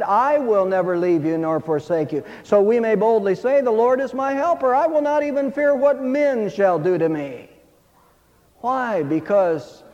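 A man's voice: extremely high pitch, a little mellow. A man preaching a sermon, telling a fable in an earnest, emphatic way. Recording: dull hall reverb.

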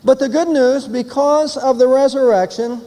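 An older man delivers an Easter sermon from the pulpit, moving between a relaxed story and firm, emphatic declarations. His voice sits high for a man. It carries the long reverb of a church sanctuary. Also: moderate pace. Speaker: pastor.

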